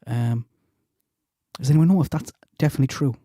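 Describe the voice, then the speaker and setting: A male host chats casually with his panel and passes along viewer comments. His voice is very dark and mellow, recorded with a completely dry sound. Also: medium pitch, a little fast, no room sound. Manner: chatty, reads viewer comments. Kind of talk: casual chat.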